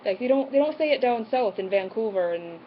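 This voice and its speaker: A woman's voice: fairly high pitch, expressive, a little fast, lo-fi sound, slight background noise. A woman from Canada, chatting casually to camera in a rambling way, full of "um" and "like". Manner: rambling, lots of "um" and "like". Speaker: vlogger.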